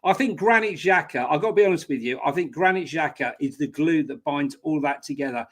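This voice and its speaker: A man's voice: on the high side, brisk, a bit bright. Emphatic man in casual football chat. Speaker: podcast co-host.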